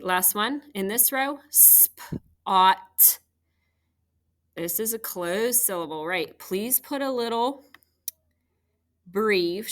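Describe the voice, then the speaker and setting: A woman's voice: fairly low pitch, a bit bright. A woman teacher patiently walking young students through a phonics worksheet, step by step. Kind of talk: phonics lesson walkthrough.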